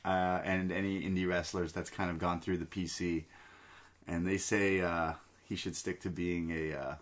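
Male podcast co-host, low register, blunt and profane, easy laugh. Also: flat delivery, moderate pace. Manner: blunt, swears freely, laughs often. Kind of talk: casual chat.

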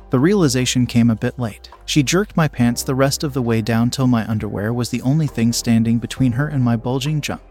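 A young man narrating a first-person story in a steady, plain reading. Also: medium pitch, a little fast. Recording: faint background music.

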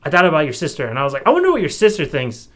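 Young man chatting casually, slightly higher pitch. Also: huge pitch swings, very fast, a bit bright. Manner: rambling, opinionated, frequent "like" fillers. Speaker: podcast co-host. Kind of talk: casual chat.

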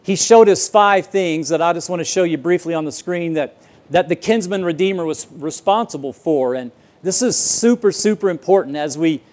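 A man's voice: a little high, moderate pace, a little mellow. A man preaching a sermon in a church, telling a story earnestly and repeating words as he restarts sentences. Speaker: pastor. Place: church auditorium.

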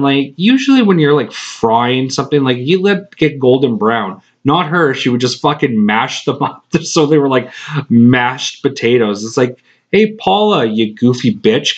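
Profane rambling podcast host, slightly muffled. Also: male voice, medium pitch, breathy edge. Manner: profane, rambling, laughing between phrases. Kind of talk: casual storytelling monologue. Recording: slightly dull lo-fi podcast recording.

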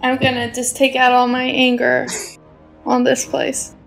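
High-pitched lady with gravelly fry, casual player, faint music under. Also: completely flat delivery, unhurried. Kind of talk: casual chat.

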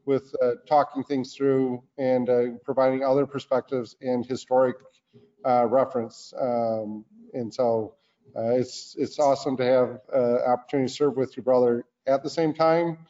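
A man speaking as a senator guest in an interview, in a deliberate, earnest way. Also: medium pitch, little pitch movement, dark tone. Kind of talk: political interview talk. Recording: dull lo-fi sound.

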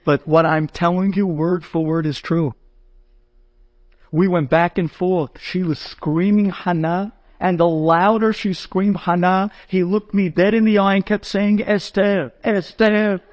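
Male rabbi storyteller, high voice, animated, mimics his characters; dry, close recording. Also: measured pace, dry recording. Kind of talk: humorous anecdote told to an audience.

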